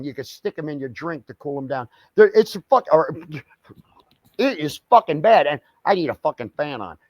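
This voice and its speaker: A man's voice: on the high side, no room sound. An older man co-hosting a casual podcast chat, rambling and swearing constantly, often laughing. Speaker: podcast co-host.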